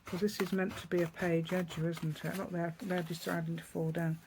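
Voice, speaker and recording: A woman's voice: on the low side, little pitch movement, fairly quick, noisy background. A middle-aged woman with an East Midlands English accent, chatting casually through a craft tutorial at her table, rambling and asking tag questions.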